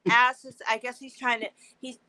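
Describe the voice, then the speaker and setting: A woman's voice: on the high side, little pitch movement, moderate pace, pushed and bright, rough recording. A woman co-hosting a podcast, teasing and chatty, full of fillers like "like". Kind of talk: casual chat.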